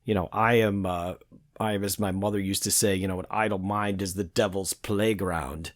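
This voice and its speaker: A man in his fifties hosts a podcast in a casual chat, with a fairly low voice. He thinks aloud in a reflective way, hedging often. The sound is dry and close, with no room echo. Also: steady tone, normal speed. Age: 50s. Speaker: podcast host.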